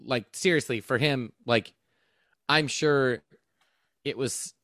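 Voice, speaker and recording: A man co-hosting a podcast, chatting in a relaxed way with loose run-on sentences. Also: medium pitch, slow pace, no room sound, studio quality. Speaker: podcast co-host. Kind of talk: casual chat.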